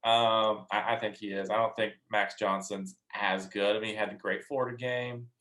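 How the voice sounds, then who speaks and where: A man's voice: on the low side, flat delivery, normal speed, sharp tone. Man, casual sports podcast co-host, hesitant, repeats words, thinking aloud.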